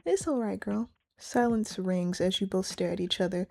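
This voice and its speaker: A young woman reading a story game aloud and reacting in an animated, giggly, slangy way. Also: mid-range voice, moderate pace, gravelly. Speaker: gamer playing a story game.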